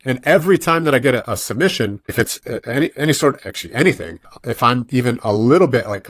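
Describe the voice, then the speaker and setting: A man's voice: medium pitch, a little fast, no echo, clean studio sound. A man being interviewed on a podcast, a jiu-jitsu coach talking casually and acting out voices in his stories. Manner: animated storytelling, acts out quoted voices.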